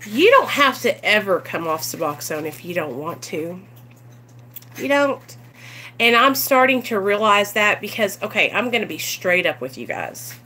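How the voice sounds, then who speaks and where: A woman's voice: mid-range voice, big pitch swings, moderate pace, bright, forceful tone, slight background noise. A woman talking casually to her viewers on a livestream, earnest and rambling with plenty of ums and you-knows. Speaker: recovery vlogger.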